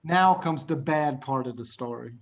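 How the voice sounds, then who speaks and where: A middle-aged man teaching English to children on a video call, an animated, dramatic storyteller who chuckles often. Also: mid-range voice, moderate pace, highs cut off, a little hiss or hum.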